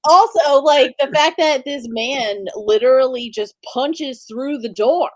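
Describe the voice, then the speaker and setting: A young adult woman co-hosting a casual recap chat, animated, laughing often and peppering her speech with "like". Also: high voice, slow pace, no echo, studio quality. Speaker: podcast co-host.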